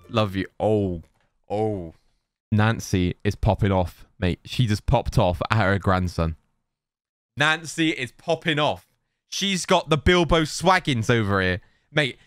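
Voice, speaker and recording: A man's voice: medium pitch, a bit bright, no echo, clean studio sound. A young man giving casual, exasperated reaction commentary and reading posts aloud, with frequent exclamations. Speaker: YouTuber reacting to social media posts.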